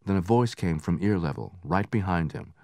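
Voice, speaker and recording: A man narrating a book in steady, measured scripted narration, raising his voice for the soldiers' lines. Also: low-pitched, creaky, dry recording, clean studio sound. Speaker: audiobook narrator.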